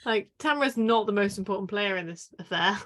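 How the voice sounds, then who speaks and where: A woman's voice: mid-range voice, fairly quick, fairly bright tone. A woman co-hosting a podcast, chatting casually with wry, opinionated takes. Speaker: podcast co-host. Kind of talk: casual chat.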